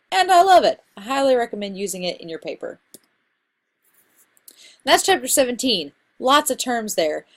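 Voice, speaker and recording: A woman college instructor giving a recorded slide lecture, chatty and enthusiastic about literary terms. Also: mid-range voice.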